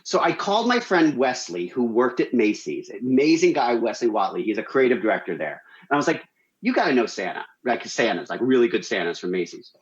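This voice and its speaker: A man telling a story on a radio show, animated and acting out the people he quotes. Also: fairly quick, hardly any pauses, reverberant, dull audio. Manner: animated, acts out quotes with big pitch jumps. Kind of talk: casual storytelling.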